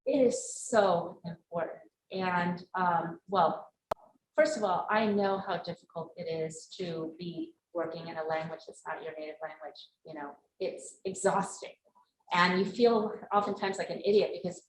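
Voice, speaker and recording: Earnest woman speaker in echoey room. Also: lowish voice. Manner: earnest, emphatic, animated. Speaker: speaker and career coach. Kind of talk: live talk and audience Q&A. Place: event room before a live audience. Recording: echoey room, faint noise.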